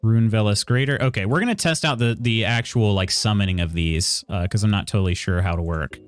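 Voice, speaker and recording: A man's voice: on the low side, brisk, clear, resonant tone, dry recording, faint music behind. A man streaming a video game live, chatting casually and thinking aloud with lots of fillers and questions to himself. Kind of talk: casual live-stream chat while playing.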